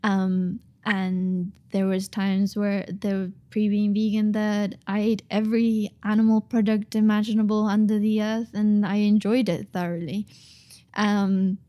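A woman guest on a podcast, speaking thoughtfully and earnestly in casual conversation, with frequent pauses and restarts. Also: medium pitch, flat delivery, dark tone. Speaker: author and guest.

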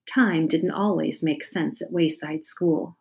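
Slow, measured woman reading a storybook. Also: low voice, fairly even intonation, creaky. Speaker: narrator. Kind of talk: children's book reading.

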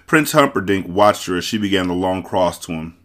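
A podcast host with a low male voice reads a novel aloud. His narration is steady and plain between the character voices. He keeps an even, measured tone.

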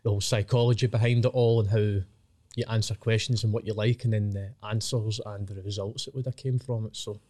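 A man's voice: lowish voice, steady tone, a little fast, warm tone, no room sound. Blunt Scottish man, dry humor. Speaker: podcast guest. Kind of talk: casual chat.

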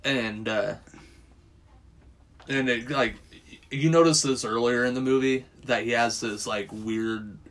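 A man's voice: medium pitch, slow pace, pauses often, a bit bright. A man in casual chat, recapping a film plot in a rambling way, swearing freely. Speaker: podcast co-host recapping a film.

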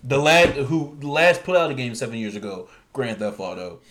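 A man hosting a casual podcast chat, animated and building into exasperated rants. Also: medium pitch, normal speed. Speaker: podcast host.

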